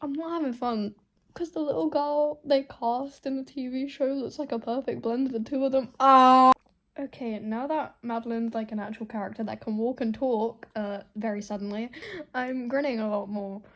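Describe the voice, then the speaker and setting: Young woman book vlogger, high bright voice, casual and emotional, swears a lot, murmurs then bursts out. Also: moderate pace. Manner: chatty and emotional, swears freely, swings between soft murmurs and excited outbursts. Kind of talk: casual reading vlog chat.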